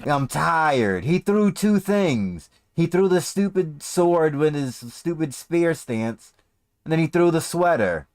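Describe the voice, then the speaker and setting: A man's voice: on the high side, lively intonation, unhurried, darkish tone. A man giving crude, sarcastic commentary as he reacts to a video, swearing often. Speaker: streamer reacting to a clip.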